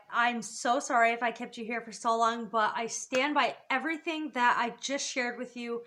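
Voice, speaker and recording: A young woman talks through her favorite makeup finds in a casual vlog, gushing over each one. Her voice is bright and forward, sitting a little high. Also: fairly even intonation, moderate pace, hardly any pauses. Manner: gushing, enthusiastic, lots of "so" and "just". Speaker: beauty vlogger. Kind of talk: product review vlog.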